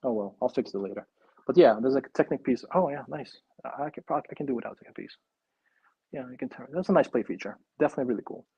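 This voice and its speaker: A man hosting a casual live stream, chatting excitedly and thinking aloud while he builds a toy kit. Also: mid-range voice, quick pace, slightly rough, highs cut off.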